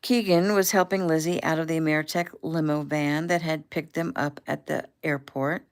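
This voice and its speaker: Woman, author reading her novel, casual, self-correcting, low voice, gravelly. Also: normal speed. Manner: relaxed, unpolished, self-correcting. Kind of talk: casual audiobook narration.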